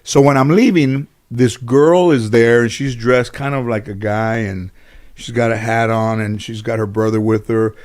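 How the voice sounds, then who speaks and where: A man's voice: medium pitch, fairly even intonation, normal speed, darkish tone. A middle-aged American man chats as an interview guest. He tells long anecdotes in a loose, rambling way, full of "you know" and false starts, with a mid-range voice. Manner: rambling, anecdotal, lots of fillers and restarts. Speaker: interview guest, comedian and actor. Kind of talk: casual storytelling in an interview.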